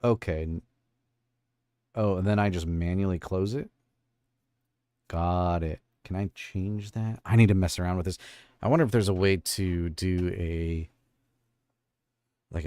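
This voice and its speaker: A man's voice: low-pitched, steady tone, normal speed, pauses often, darkish tone, dry recording, studio quality. A man hosting a casual livestream, rambling and thinking aloud as he fiddles with his stream tools. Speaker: livestream host and voice actor. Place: home studio.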